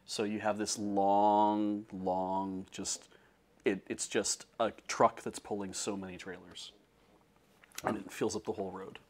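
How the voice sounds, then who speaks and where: A man's voice: fairly low pitch, level tone, measured pace, a little mellow. A man playing along in a tabletop stream, chatting casually and eagerly explaining details. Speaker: tabletop game player. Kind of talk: casual game chat.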